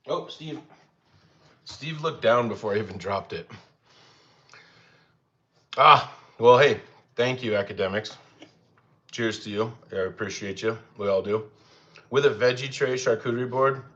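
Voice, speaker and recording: Speaking a little slowly with frequent pauses, a young man with a fairly bright tone runs an easygoing cooking livestream, chatting loosely with his audience. He talks to his dogs in a raised pitch. The audio is slightly dull and lo-fi.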